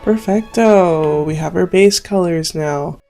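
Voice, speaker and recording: Gravelly-voiced Canadian woman artist. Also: fairly low pitch, expressive, measured pace, darkish tone, faint music behind. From Southern Ontario, Canada. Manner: rambling, self-deprecating, laughs often. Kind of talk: chatty draw-along tutorial.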